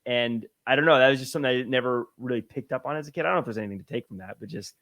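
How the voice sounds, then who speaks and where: A man hosting a casual movie chat, lively and joking, who slips into quick mock voices. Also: medium pitch. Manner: lively, mimics people in funny voices. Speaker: podcast host.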